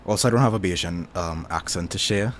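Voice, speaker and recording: Low-voiced Trinidadian man chatting casually. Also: a little fast, a little hiss or hum. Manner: rambling, thinks aloud with many fillers. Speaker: streamer answering chat. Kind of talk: casual chat.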